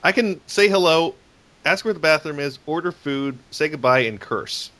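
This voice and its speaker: A man's voice: a little high, expressive, moderate pace, pushed and bright. An American man hosting a podcast interview, easygoing and jokey with short remarks. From United States. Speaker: podcast host. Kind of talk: casual conversational interview.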